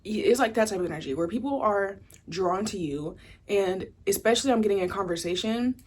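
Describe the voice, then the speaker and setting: A woman's voice: medium pitch, fairly quick, darkish tone. Young woman, mid-range voice, casual rambling tarot reader, faint room hum behind. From Southern United States. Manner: chatty, rambling, full of "like" and "you know". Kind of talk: casual pick-a-card tarot reading.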